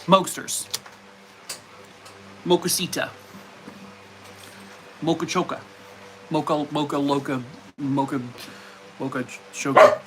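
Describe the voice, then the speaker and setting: A man's voice: fairly high pitch, steady tone, slow pace, pauses often, music in the background. A man on a casual live stream, rambling with lots of fillers and breaking off to talk to his dogs at home. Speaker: live streamer chatting with viewers.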